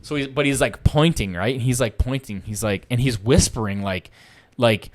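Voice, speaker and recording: Man, young adult, casual podcast storytelling, profane, animated, acts out quotes. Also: mid-range voice, a little fast. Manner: profane, animated, acts out the other people's lines. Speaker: podcast host telling a story.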